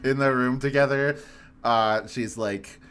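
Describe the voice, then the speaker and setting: A man's voice: mid-range voice, fairly even intonation, a little slow, a bit bright, clear, resonant tone. A man co-hosting a podcast in casual chat, rambling, swearing and laughing often. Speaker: podcast co-host.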